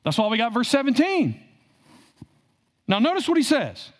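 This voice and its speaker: A man's voice: very high-pitched, huge pitch swings, moderate pace. A male pastor preaching a sermon, asking the congregation questions and repeating phrases for emphasis.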